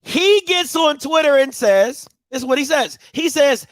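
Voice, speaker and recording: A man hosting a show in casual commentary, animated and full of repeated catchphrases. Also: very high-pitched, measured pace, no room sound. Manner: animated, repeats catchphrases, bursts into loud laughter. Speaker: show host.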